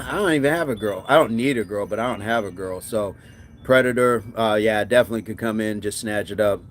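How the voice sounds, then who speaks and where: A man hosting a casual livestream, reading viewer comments aloud and answering them in a chatty, joking way while he does push-ups. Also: medium pitch. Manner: chatty and joking, with quick asides and restarts. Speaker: livestream host.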